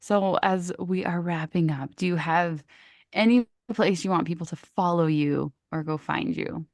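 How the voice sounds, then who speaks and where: A woman's voice: on the low side, measured pace, a little mellow. A woman hosting a podcast interview, affirming her guest in an effusive, encouraging way. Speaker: podcast host. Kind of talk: casual conversational interview.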